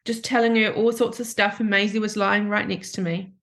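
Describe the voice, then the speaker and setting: A woman's voice: mid-range voice, fairly quick. Australian woman recounting a personal story. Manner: emotional, animated retelling with quoted dialogue. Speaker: podcast host.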